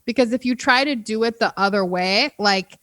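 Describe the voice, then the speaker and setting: A woman from Minnesota chatting as a podcast guest, her voice bright and sitting a little high. She talks in an animated way, building points through examples and playful quoted lines. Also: moderate pace, no room sound. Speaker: dating coach and podcast guest. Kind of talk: casual podcast chat.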